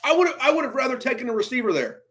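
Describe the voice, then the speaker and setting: High-voiced guy livestreaming draft reactions, ranting and fed up, muttering then blowing up. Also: sing-song, very fast, a bit bright. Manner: exasperated ranting, swings from muttering to outbursts. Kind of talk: live reaction stream.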